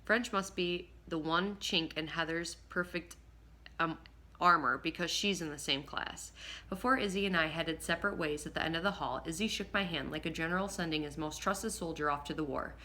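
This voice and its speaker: A woman narrating a first-person audiobook in a lively, expressive way, now and then slipping and rereading a line. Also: low-pitched, moderate pace. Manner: lively, expressive reading with occasional slips and rereads.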